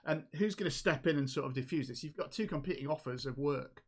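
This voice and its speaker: This man speaks quickly in a slightly high, husky voice. Running a tabletop game as game master, he narrates hesitantly, full of fillers and restarts.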